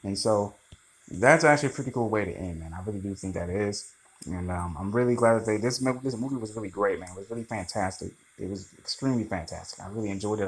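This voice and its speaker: A man rambling through a casual, animated movie review, swearing freely. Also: fairly low pitch, low-quality recording.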